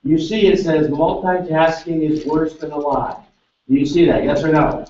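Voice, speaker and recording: A man's voice: on the high side, fairly even intonation, moderate pace, dark tone, a little hiss or hum. A man presenting a live seminar, energetically quizzing his audience and urging them on. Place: large seminar hall. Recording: echoey room, distant lo-fi mic.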